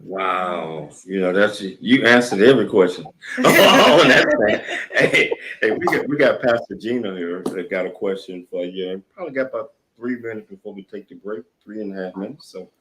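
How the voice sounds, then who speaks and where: A man's voice: sits low, normal speed, hardly any pauses, background noise. A male radio host, upbeat, keeping time and handing over to a guest.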